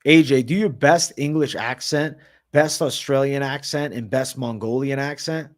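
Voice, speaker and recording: A man's voice: medium pitch, moderate pace. A man hosting a livestream, casually answering chat with slang and frequent swearing. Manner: profane, slangy, reads and answers chat comments.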